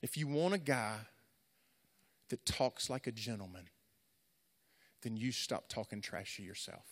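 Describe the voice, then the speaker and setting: A man's voice: medium pitch, lively intonation, a little slow. A middle-aged man preaching to young people in an earnest, repetitive, conversational way. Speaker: youth pastor. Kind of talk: sermon. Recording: echoey hall.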